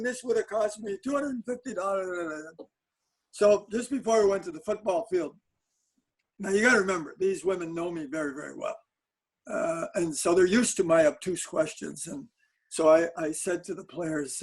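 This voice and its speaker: A man telling animated anecdotes on a webinar chat, with frequent restarts and laughs. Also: high voice, breathy edge, poor audio. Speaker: sport psychologist guest.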